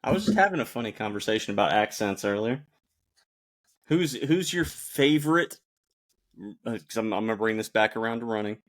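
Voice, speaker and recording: A man's voice: fairly low pitch, animated, brisk, fairly bright tone. A man co-hosting a running podcast in casual chat, teasing the others, laughing often and telling stories. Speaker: podcast co-host.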